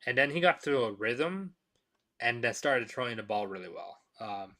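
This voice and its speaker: Bright-toned man rambling about football. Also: medium pitch, lively intonation, moderate pace. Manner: rambling, many fillers and restarts. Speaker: podcast host. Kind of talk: casual sports talk.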